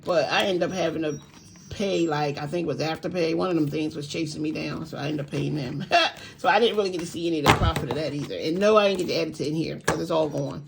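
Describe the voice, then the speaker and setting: Chatty older woman with a gravelly voice. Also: deep voice, fast talker. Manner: chatty, encouraging, laughs often. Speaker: budgeting vlogger. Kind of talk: casual vlog talk. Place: home room by an open window. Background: faint street noise, passing truck.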